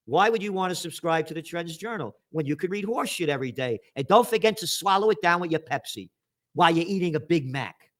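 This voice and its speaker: A man's voice: a little high, animated, a little fast. A man giving an angry, sarcastic news commentary, reading headlines aloud and mocking them with profanity. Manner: reads headlines aloud then mocks them.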